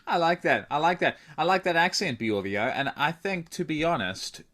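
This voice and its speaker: A man's voice: a little high, fairly bright tone. A man co-hosting a podcast in playful, improvised banter, joking and teasing with plenty of fillers. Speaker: podcast co-host.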